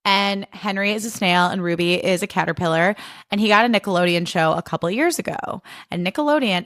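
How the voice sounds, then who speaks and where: A young woman hosts a podcast alone in a candid, emotional, casual way and swears without holding back. Her voice sits at an ordinary middle pitch for a woman. It is recorded close and dry, with no room sound. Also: fairly quick, fairly bright tone, dry recording. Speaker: podcast host. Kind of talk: casual solo chat.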